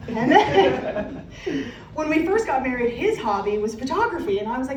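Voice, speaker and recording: A brash American woman performs stand-up, swearing freely and slipping into acted-out voices. Her voice sits a little high and comes from a distance. The club room echoes and a faint hum runs underneath. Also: expressive, fairly quick, a little mellow. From United States. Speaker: stand-up comedian. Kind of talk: stand-up comedy set. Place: comedy club stage with a live audience.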